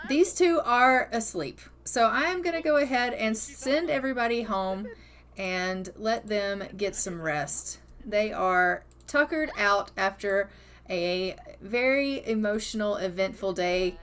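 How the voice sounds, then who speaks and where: A woman's voice: medium pitch, lively intonation, a little slow, fairly bright tone, a little hiss or hum. A woman giving chatty, cheerful commentary over a life-sim game, narrating what her characters do. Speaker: gaming video host. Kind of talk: casual gameplay commentary.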